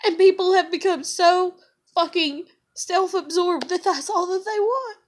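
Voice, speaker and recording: A woman's voice: very high-pitched, measured pace, a little hiss or hum. A young mother crying and venting alone at home, tearful and swearing in an emotional vlog rant. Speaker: mother vlogging.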